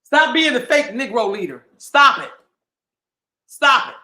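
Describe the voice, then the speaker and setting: A man with a high, bright, cutting voice delivers a fiery livestream monologue. He speaks with heat and blunt profanity, and he hammers his points through repetition. The room around him sounds hollow and echoey. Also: very animated, a little slow. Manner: heated, profane, emphatic and repetitive. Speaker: livestream host.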